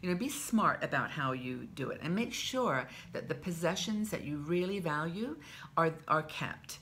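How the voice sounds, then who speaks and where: Low, gravelly-voiced woman in her sixties. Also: animated, moderate pace, fairly bright tone, a little hiss or hum. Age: 60s. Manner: chatty and heartfelt, with frequent restarts. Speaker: lifestyle vlog host. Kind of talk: casual advice talk to camera.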